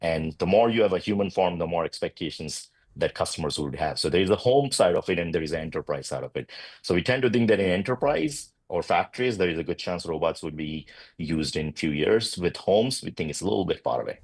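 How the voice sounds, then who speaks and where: A man guest on a tech talk show, explaining his company's view on robots in quick, filler-laced answers. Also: deep voice, animated, dry recording. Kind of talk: interview answers.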